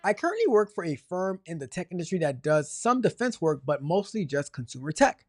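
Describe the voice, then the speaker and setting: A man's voice: a little high, fairly quick, no echo, clean studio sound. A man hosting a live tech career advice show, reading out viewer questions and answering with jokey, exasperated outbursts and lots of repetition. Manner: animated and exasperated, repeating himself for emphasis; jokey, swings between mock outrage and apology.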